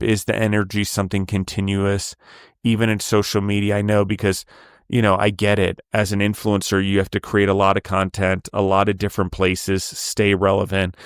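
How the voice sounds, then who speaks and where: Deep smooth-voiced male podcast host. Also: no room sound, clean studio sound. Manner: measured, reflective, repeats phrases while searching for words. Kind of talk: interview conversation.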